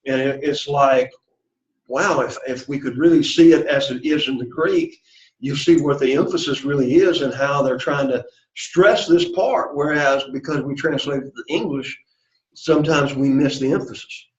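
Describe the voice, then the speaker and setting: A man's voice: mid-range voice, moderate pace. A man teaching a Greek class, explaining at length and often checking in with "okay" and "all right.". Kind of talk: classroom lecture. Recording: echoey classroom, dull lo-fi sound.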